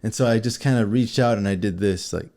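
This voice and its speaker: A man with a slightly low voice co-hosts a relaxed talk show. He tells a personal story straight to the viewers and acts out every scene as he goes. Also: fairly quick. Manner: animated, acts out scenes and quotes. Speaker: co-host.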